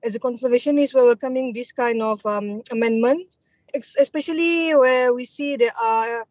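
Brief: Malaysian woman, conservation leader, hesitant with restarts, high voice, dry close sound. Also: moderate pace, darkish tone, no room sound, rough recording. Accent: Malaysian English. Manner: hesitant, many fillers and restarts. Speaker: conservation group president. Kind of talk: guest on a radio interview.

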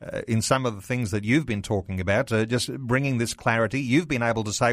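A man hosts a radio interview, asking his questions in a measured way with occasional hesitations. His voice is at an ordinary pitch. The recording is close and dry. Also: fairly even intonation, no echo. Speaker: radio host.

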